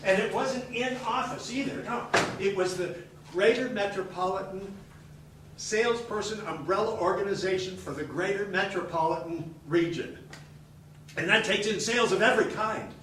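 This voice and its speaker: An actor on stage playing a bitter, boastful man in group therapy, stammering through repetitions and turning sarcastic, with bursts of shouting. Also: sits high, moderate pace, far from the mic, close to an everyday voice. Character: bitter, boastful middle-aged male loser in group therapy. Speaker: stage monologue character. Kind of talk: live theatre monologue. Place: theatre stage. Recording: echoey theatre recorded from afar, noisy.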